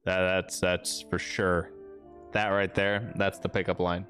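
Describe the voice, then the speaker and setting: Joking, low-voiced gaming streamer man. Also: level tone, unhurried, a bit bright, soft background music. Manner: joking, rambling and crude. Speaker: livestream host. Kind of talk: casual gaming commentary.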